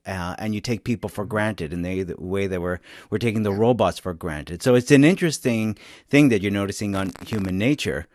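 A man's voice: on the low side, no echo, clean studio sound. A man hosting a casual conversation, enthusiastic and reflective, laughing easily as he thinks aloud. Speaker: podcast host.

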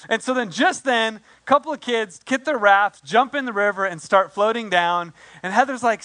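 A man in his forties, a pastor telling a story in his sermon, animated and self-deprecating, acting out what people said. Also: sits high, moderate pace, hardly any pauses.

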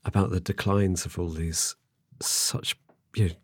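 This middle-aged podcast host has a low, slightly rough voice with fairly even intonation and a somewhat slow pace, recorded with no room sound. He chats casually, rambling, restarting often and chuckling.

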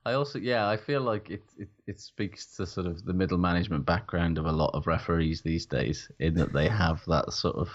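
A man's voice: deep voice, fairly quick, hardly any pauses. A man co-hosting a casual sports chat, laughing often and swearing freely. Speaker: podcast co-host. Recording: dull lo-fi sound.

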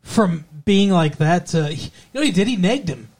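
A man's voice: high voice, lively intonation, normal speed, noisy background. A man co-hosting a podcast, chatting casually and rambling about a TV episode, with frequent swearing and playful asides. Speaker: podcast co-host. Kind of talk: casual TV recap chat.

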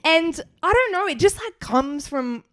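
A woman's voice: extremely high pitch, big pitch swings, measured pace, a bit bright, dry recording, clean studio sound. A young woman from Queensland with an Australian accent, co-hosting a podcast and telling stories in chatty, giggly casual talk. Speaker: podcast co-host. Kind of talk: casual chat.

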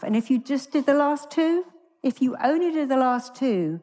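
A woman, a therapist giving a motivational stage talk, telling stories and acting out the lines of the people in them with big leaps in her voice. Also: moderate pace. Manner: animated storyteller who acts out quoted dialogue with big pitch leaps. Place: large conference stage. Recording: long reverb of a large hall.

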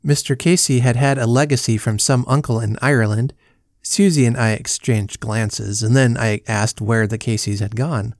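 Brief: male host reading a vintage tale, even and dry, middle pitch. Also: no echo. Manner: measured, dry storybook reading. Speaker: podcast host reading a story. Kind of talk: storytelling narration.

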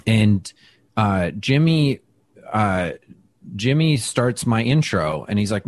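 Chatty comedian telling a story. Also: male voice, fairly low pitch, takes it slowly. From Wisconsin, US. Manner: animated, full of "he's like" quotes and fillers. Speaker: comedian guest. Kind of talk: casual storytelling in an interview.

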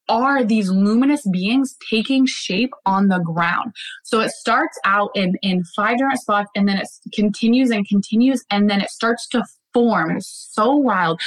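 A woman's voice: on the high side, low-quality recording. A woman guest in casual conversation, telling a story animatedly with frequent laughs, fillers and restarts.

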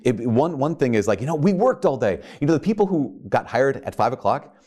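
A male priest giving a sermon in an earnest way, full of rhetorical questions. His voice sits at a mid pitch, and he often stops and restarts his phrases as he builds a point. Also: sing-song, brisk, mellow.

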